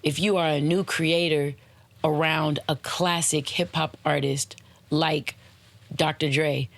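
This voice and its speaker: A woman's voice: sits low, fairly even intonation, takes it slowly, vocal fry. A woman hosting a podcast, giving casual motivational talk and slipping into playful voices for examples. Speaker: podcast host.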